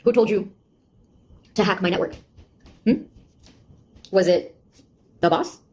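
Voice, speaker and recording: A woman's voice: mid-range voice, takes it slowly, a little mellow, breathy edge. An actress playing a sarcastic young woman, a beta tester who mocks and scolds a nosy AI in a one-sided audio drama. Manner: mocking, taunting, exasperated.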